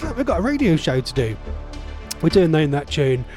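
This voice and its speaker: A man's voice: on the high side, very animated, moderate pace, a little mellow, soft background music. A middle-aged man hosting a radio show in casual, rambling, jokey chat. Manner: rambling, chatty, loose and jokey. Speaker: radio host.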